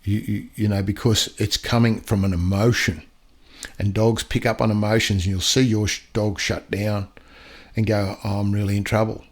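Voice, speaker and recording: An older man, chatting casually as a podcast guest, acting out dogs and people in quick little voices. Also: on the low side, steady tone. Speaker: podcast guest storyteller and dog trainer. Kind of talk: casual chat.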